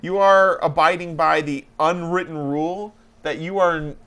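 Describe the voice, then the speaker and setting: Speaking at normal speed in a somewhat high voice, this man hosts a talk show. His casual chat wanders through lively anecdotes, and he hesitates often as he goes.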